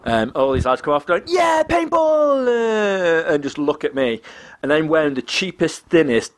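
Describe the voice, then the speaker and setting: A man's voice: a little high, brisk. A man telling a rambling, laugh-filled anecdote in casual chat, acting out other people's voices as he goes. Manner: rambling, laughing often, acts out quoted voices.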